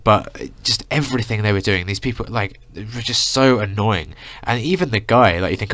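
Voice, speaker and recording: A man's voice: lowish voice, animated, fairly quick, few pauses, a bit bright, dry recording. A young man ranting through a casual storytime, rambling with lots of filler words. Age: young adult. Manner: rambling, full of "like" and "you know". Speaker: vlogger.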